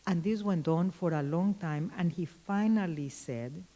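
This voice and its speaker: A woman giving a conference keynote lecture, telling anecdotes in a thoughtful way with frequent pauses and restarts. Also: fairly low pitch, mellow, low-quality recording. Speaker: keynote speaker.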